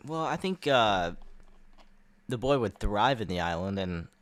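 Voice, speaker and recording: A man's voice: fairly low pitch, sing-song, measured pace, crowd noise. A man co-hosting a podcast in casual chat, playful, at times reading dramatic promo lines aloud. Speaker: podcast co-host.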